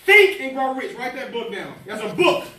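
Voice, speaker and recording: High-voiced man, fired-up speaker. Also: normal speed, slight background noise. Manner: energetic, preachy call-and-response. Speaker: motivational speaker. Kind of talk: motivational speech to students. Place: large hall, in front of students. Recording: echoey hall from far off, chattering crowd.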